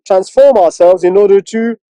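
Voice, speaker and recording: This is a high-pitched man, speaking in a dry, close recording. He talks as a co-host in a relaxed interview, telling lively stories and putting on mocking voices when he quotes people. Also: normal speed, dry recording, poor audio. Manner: animated storyteller who mimics other people in high mocking voices. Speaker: co-host, one of twin brothers. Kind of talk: casual conversational interview.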